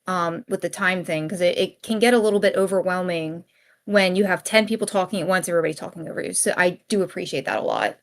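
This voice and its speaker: Woman debater, lowish voice, chill and upbeat, jokes around a bit. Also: quick pace. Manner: upbeat, joking, grateful. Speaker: first-time debate participant. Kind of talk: casual chat.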